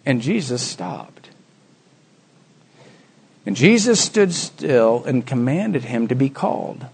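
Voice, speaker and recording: A man preaching a sermon, acting out the voices of the Bible story with dramatic swings from soft to loud. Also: mid-range voice, breathy edge.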